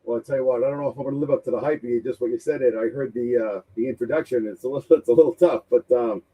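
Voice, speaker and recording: Boston-accented man in his fifties, husky dark voice. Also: mid-range voice, very fast, low-quality recording. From Massachusetts. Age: 50s. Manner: relaxed, chatty, self-deprecating. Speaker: retired police officer guest. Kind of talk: interview storytelling.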